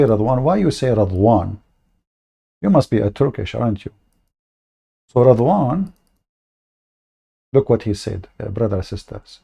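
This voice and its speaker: Gravelly, mocking man on a livestream. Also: fairly low pitch, warm tone. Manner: mocking, sarcastic; halting, many fillers. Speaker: online debate host. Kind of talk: livestream commentary.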